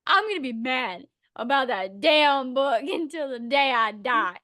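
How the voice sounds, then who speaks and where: A woman's voice: high-pitched, a little slow, dry recording, clean studio sound. Blunt, swearing young woman ranting. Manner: blunt, profane, animated ranting. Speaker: podcast co-host. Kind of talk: casual chat.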